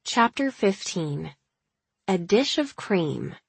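A woman narrating a first-person novel aloud, in a measured, wry reading voice. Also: mid-range voice, big pitch swings, creaky, husky, no room sound. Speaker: audiobook narrator.

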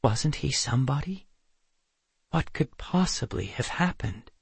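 A man narrating an audiobook in a measured, even storytelling manner. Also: medium pitch, creaky, slightly rough, no room sound. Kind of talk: scripted narration.

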